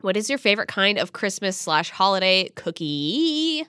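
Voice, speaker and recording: A woman hosting a casual podcast, reading listener emails aloud in a giggly, animated, self-mocking way. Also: medium pitch, moderate pace, clear, resonant tone, no room sound, studio quality. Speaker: podcast host.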